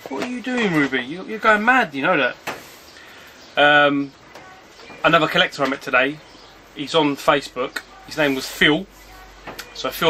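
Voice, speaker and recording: A man's voice: on the high side, pushed and bright, a little hiss or hum. Chatty man vlogging outdoors. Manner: rambling, chatty, often breaks off to call his dog. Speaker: retro game collector vlogger. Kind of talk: casual vlog chat. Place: outdoors at home on a sunny afternoon.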